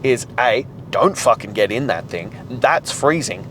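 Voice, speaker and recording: A man's voice: mid-range voice, animated, a little slow, hardly any pauses, fairly bright tone, low-quality recording. A man hosting a motivational podcast, talking intensely and emphatically with frequent swearing, with a faint background hum. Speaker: podcast host. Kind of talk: motivational monologue.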